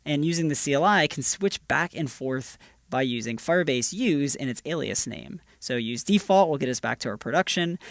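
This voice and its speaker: Man, coding screencast narration, upbeat, casual, mid pitch, dry close sound. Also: no echo. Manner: upbeat, walks through each step with "just like that". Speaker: developer advocate presenting a tutorial.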